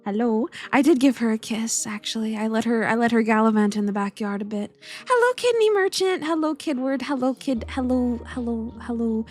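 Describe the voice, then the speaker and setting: Young woman, high voice, streamer, casual rambling chat, giggly, faint background music. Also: steady tone, fairly quick, hardly any pauses, a little mellow.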